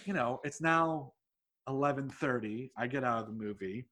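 An English teacher tells a personal anecdote in a mid-range voice at normal speed. He rambles excitably, swears freely, and laughs mid-sentence in this casual storytelling.

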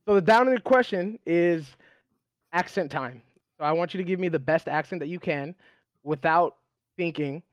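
A man's voice: a little high, normal speed, no echo, highs cut off. Laughing male podcast host. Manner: laughs often, rambling. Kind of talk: casual chat.

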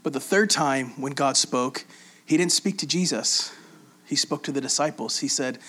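A man preaching in a relaxed, conversational way, reading scripture aloud and explaining it with frequent pauses and fillers. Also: mid-range voice. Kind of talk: casual Bible teaching.

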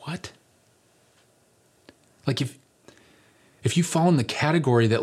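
Husky-voiced male pastor preaching. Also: mid-range voice, unhurried, long pauses, a little mellow. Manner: earnest, building to emphatic peaks, with light humor. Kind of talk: conversational sermon.

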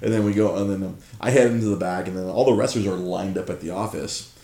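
A man telling a story in casual chat, animated and profane, laughing often. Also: low voice, fast talker. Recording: roomy echo.

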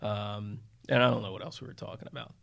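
A man's voice: on the low side, fairly even intonation, fast talker, gravelly, a bit bright. A man, a defense attorney co-hosting a podcast, telling stories in a rambling way with many restarts and asides. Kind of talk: casual storytelling podcast talk.

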